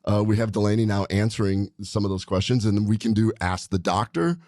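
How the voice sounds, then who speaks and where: A man's voice: fairly low pitch, a little fast, darkish tone, dry recording, studio quality. A man hosting a casual podcast, talking upbeat and enthusiastic with a rambling flow. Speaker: podcast host, doctor. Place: studio.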